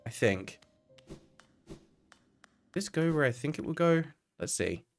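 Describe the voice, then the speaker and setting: Animated man streaming a game. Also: a little high, takes it slowly, faint music behind. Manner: chatty, talks to himself and to chat, wry asides, swears. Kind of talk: casual live-stream gameplay commentary.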